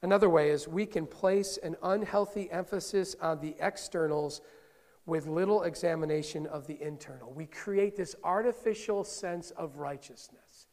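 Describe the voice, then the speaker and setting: A middle-aged man preaching in a church sanctuary, his voice high for a man and gravelly with fry. He keeps it conversational, tossing playful asides to the congregation. The sound carries a long hall reverb. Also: normal speed, darkish tone. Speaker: pastor. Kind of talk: sermon.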